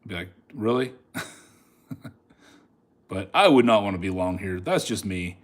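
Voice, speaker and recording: With a low, very animated voice and an unhurried pace, a man casually talks through his live day trades. He speaks to the chart, laughs often, and records it all on a phone held in his hand.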